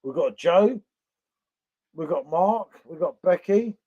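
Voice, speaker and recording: A high-pitched man chatting on a live beer stream, joking with viewers in a matey way. The sound is dull and lo-fi, as from a cheap stream mic. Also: expressive, slow pace, mellow. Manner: jokey, matey. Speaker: beer review host. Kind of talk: casual live-stream chat.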